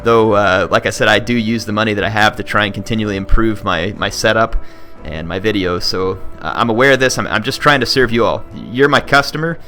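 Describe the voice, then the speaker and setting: A man's voice: on the low side, a little fast, hardly any pauses, pushed and bright, faint music behind. A man talking casually to his viewers as a gaming video host, earnest and rambling with frequent restarts. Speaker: gaming YouTuber.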